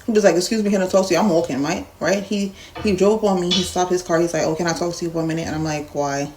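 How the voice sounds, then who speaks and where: A young woman from Jamaica telling a story in a casual vlog, blunt and animated, acting out the dialogue as she goes. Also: lowish voice, quick pace, background noise. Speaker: vlogger.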